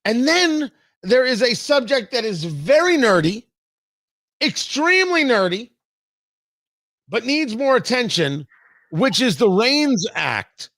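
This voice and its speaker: A man hosting a political talk show, opinionated and brisk, stumbling over his words now and then. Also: extremely high pitch, very animated, fairly bright tone, no room sound. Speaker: radio talk show host.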